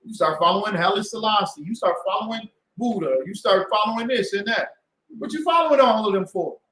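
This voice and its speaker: A high-pitched religious class teacher leads a Sabbath lesson like a preacher, firing off rhetorical questions and drawing answers from the room. His lively, pressing delivery is a little fast and rings through an echoey, reverberant space.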